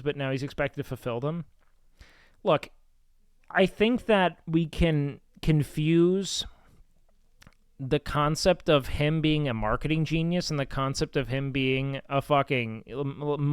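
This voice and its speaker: A man's voice: a little high, measured pace, clear, resonant tone, no room sound. A young man chatting casually on a live stream, rambling and swearing with lots of fillers.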